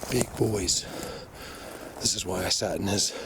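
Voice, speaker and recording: A man filming an outdoor walking vlog in the woods, out of breath from a climb, talking excitedly and rambling straight to his viewers on a handheld camera. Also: low-pitched, a little slow, creaky, noisy background. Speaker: outdoor vlogger.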